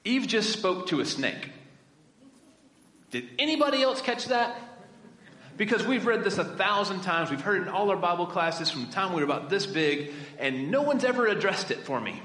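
Man, youth minister, sermon, fairly high voice, echoey church hall with long reverb. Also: big pitch swings, normal speed, a bit bright. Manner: conversational, asks the audience questions.

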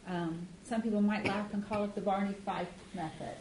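A woman's voice: medium pitch, moderate pace, heavy background noise. Earnest woman in an echoey room. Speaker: marriage workshop co-leader. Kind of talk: casual class talk. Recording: echoey room, faint ambience.

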